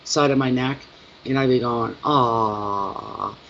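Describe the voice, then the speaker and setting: A middle-aged man, a tarot reader and channel host, chatting casually with his viewers at home and telling animated stories. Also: medium pitch, moderate pace, dull audio, a little hiss or hum.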